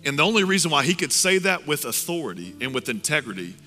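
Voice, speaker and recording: Man, pastor, sermon, impassioned, bright forceful voice, long hall reverb. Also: fairly high pitch, sing-song, fast. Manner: impassioned, swinging between loud urging and hushed intensity. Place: church hall. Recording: long reverb of a large hall with music behind.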